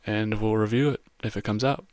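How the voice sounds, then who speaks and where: A man talks through a movie review in a loose, slangy way, leaning on "like" constantly. His voice is smooth and fairly flat in pitch. The recording is dry, with no room sound. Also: brisk, no room sound. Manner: casual, heavy use of "like" and slang. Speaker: podcast host reviewing a film. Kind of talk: casual movie review monologue.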